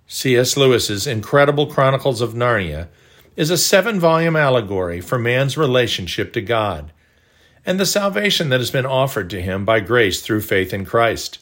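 A man with an ordinary mid-range voice reads a devotional audiobook. His delivery is measured and earnest. Every sentence sounds carefully scripted. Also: mid-range voice, sing-song, a bit bright. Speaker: devotional narrator.

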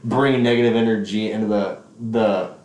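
A man's voice: on the low side, fairly even intonation, brisk, a little mellow. A man co-hosting a podcast in casual chat, reading out text messages between bursts of laughter and frequent swearing. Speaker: podcast co-host. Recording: echoey room.

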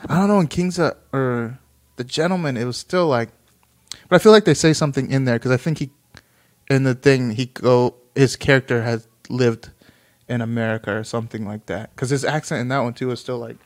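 Brief A man in a medium-pitched voice, neither high nor low, talks his way through an article in a loose, unscripted reaction. He reads a line, then riffs on it with restarts, swearing and offhand asides. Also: brisk. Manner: rambling, profane, reads aloud then reacts. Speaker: commentator reading an article. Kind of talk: casual reaction commentary.

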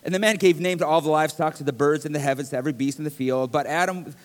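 A man's voice: fairly high pitch, rapid-fire, big-room sound. A middle-aged male pastor preaching a sermon in a conversational, joking way that rises to emphatic bursts, in a church. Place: church sanctuary.

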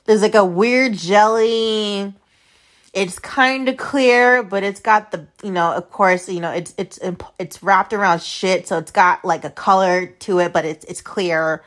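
A woman's voice: mid-range voice, measured pace, fairly bright tone. A woman hosting a podcast, telling a story in casual, blunt and profane talk full of fillers. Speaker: podcast host.

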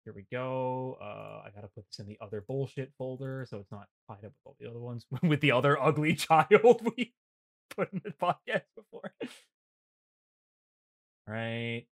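A man's voice: mid-range voice, moderate pace, gravelly. A man hosting a podcast, recapping episodes in casual chat, laughing often and swearing freely. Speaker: podcast host.

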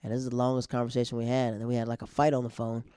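A man's voice: medium pitch, monotone, rapid-fire, warm tone, clean tone, no room sound, clean studio sound. A man casually telling a long personal story, rambling and conversational, with frequent fillers and restarts.

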